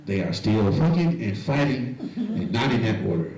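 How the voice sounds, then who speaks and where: A man's voice: mid-range voice, big pitch swings, normal speed, a little mellow. A male stand-up comedian on a club stage, telling loose, profane stories with plenty of animation. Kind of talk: stand-up storytelling. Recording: echoey club, mic far off, crowd.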